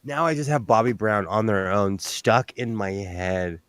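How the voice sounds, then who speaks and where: A man's voice: lowish voice, a little slow, smooth, no room sound. A man hosting a casual chat while sewing, rambling and telling stories with animation. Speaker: host.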